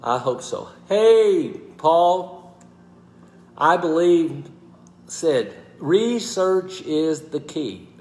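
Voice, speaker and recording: A man hosting a motivational live talk, speaking haltingly with pauses and restarts and greeting viewers by name. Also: a little high, expressive, echoey room. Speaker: host.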